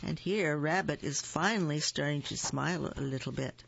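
A storyteller reading a picture book aloud gently, pausing to explain the pictures. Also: mid-range voice, gravelly, husky, lo-fi sound.

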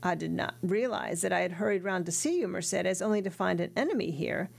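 A woman voicing a cordial young sailor, quick to anger, in an earnest read. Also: fairly low pitch, lively intonation, vocal fry, full character voice.

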